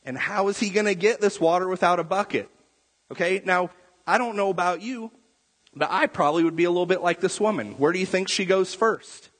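In a big hall with a long, echoing reverb, a male pastor preaches conversationally, sprinkling in rhetorical questions and tag questions. He talks briskly in a high-pitched, somewhat bright voice.

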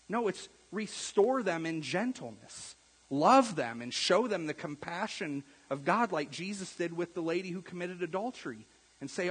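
Male pastor, earnest sermon delivery, husky tone, reverberant church room. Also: sits high, animated, normal speed. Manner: earnest preaching, rising louder on key points then dropping soft. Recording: long echo of a large hall.

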